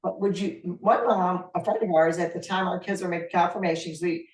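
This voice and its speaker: A woman's voice: fairly low pitch, fairly even intonation, brisk, distant mic. A woman in her sixties hosting a faith podcast, asking rambling questions. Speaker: podcast host. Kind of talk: casual podcast chat. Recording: echoey room, off-mic.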